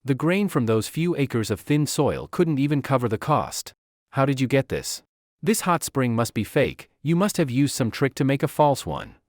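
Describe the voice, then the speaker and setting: A man voicing an arrogant, hot-tempered young nobleman who shouts at commoners. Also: mid-range voice, big pitch swings, normal speed, no echo, clean studio sound, natural voice. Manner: haughty, shouting.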